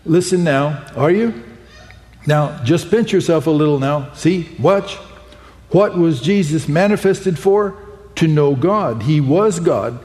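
A man preaching in a church hall, reading a printed message aloud and pausing to add his own exclamations. His voice sits a little high but has a warm, mellow tone. A long reverb trails behind his words. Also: lively intonation. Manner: reads quoted passages aloud and breaks in with exclamations like "oh my".

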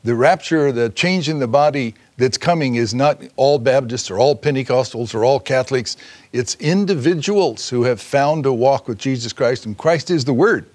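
A man's voice: mid-range voice, moderate pace, a little mellow. A man co-hosting a Bible discussion, adding his points earnestly and with emphasis. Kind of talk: conversational Bible teaching.

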